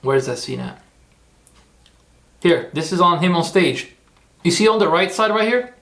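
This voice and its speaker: Gravelly man hosting a livestream. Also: sits high, lively intonation, unhurried, a bit bright. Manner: rambling, repeats himself, talks to chat. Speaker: livestream host. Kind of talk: casual tutorial livestream.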